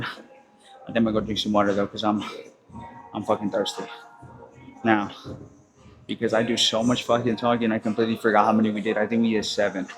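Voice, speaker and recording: A man with a lowish voice talks through his workout in a gym, chatty and casual, dropping swear words as he goes. He sounds slightly winded between sets, with clear music playing behind him. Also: level tone, a little fast, pauses often, low-quality recording. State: a little out of breath between sets. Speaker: fitness vlogger. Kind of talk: casual gym vlog commentary.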